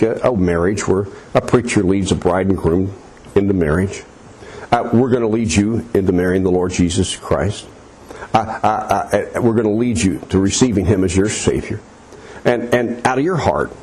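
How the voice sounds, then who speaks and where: A man's voice: fairly low pitch, a little mellow. A man preaching, leading a listener through a prayer in an earnest, coaxing, repetitive way. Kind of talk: soul-winning demonstration.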